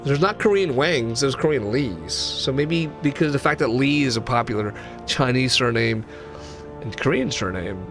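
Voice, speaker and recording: A man's voice: mid-range voice, expressive, moderate pace, music in the background. A man streaming a video game, chatting casually and rambling with many restarts. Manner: rambling, self-correcting, jokey. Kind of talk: casual gaming chat.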